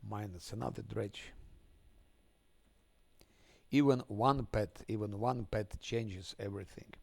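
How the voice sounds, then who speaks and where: Gravelly man cursing at a game. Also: fairly low pitch, takes it slowly, a little mellow, dry recording. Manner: swears angrily, mutters under breath. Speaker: game streamer. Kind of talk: live gameplay commentary.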